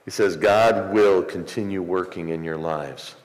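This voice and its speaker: A man preaching a sermon as pastor, rising into emphatic swells and slowing for pauses. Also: sits low. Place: church sanctuary. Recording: echoey church hall, some distance.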